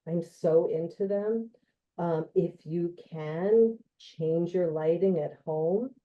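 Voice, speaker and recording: A woman with a low voice gives an informal educational talk at an unhurried, gentle pace. She speaks conversationally, with frequent ums and you-knows. Her voice comes through a thin, tinny, phone-like online connection. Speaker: occupational therapist presenting a talk.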